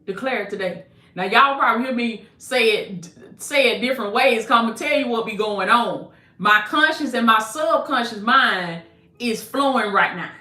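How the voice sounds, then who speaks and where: A woman's voice: on the high side, moderate pace, pushed and bright, roomy sound. A woman with a Southern US accent, preaching prophetic declarations to her viewers, repeating lines and calling them baby. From American South. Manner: repetitive, calls listeners baby, decrees in Jesus' name. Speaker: motivational preacher and coach. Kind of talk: prophetic declarations and livestream pitch.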